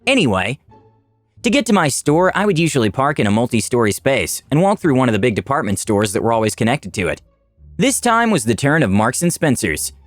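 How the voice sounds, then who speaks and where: A man narrates reddit stories in a wry, expressive read, his pitch swinging widely. The voice-over is dry and close, with faint music beneath it. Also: a little fast, no room sound. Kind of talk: scripted story narration.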